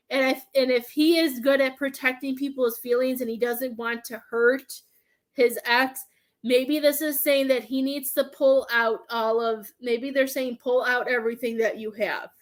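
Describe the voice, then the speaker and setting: A woman giving a spiritual reading in a casual, halting way, repeating herself and fighting back tears. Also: sits high. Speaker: psychic medium giving a reading.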